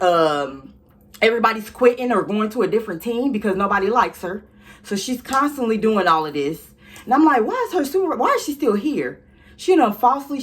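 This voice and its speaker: A sassy young woman talks straight to her viewers in a casual storytime vlog. Her voice sits at a middle pitch, and her delivery is animated and chatty. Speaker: vlogger.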